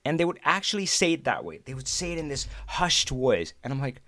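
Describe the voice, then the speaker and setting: A man hosting a live stream, telling stories from his old job in a chatty, animated way, with many restarts and laughs. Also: a little high, a little fast, no echo. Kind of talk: casual live-stream storytelling.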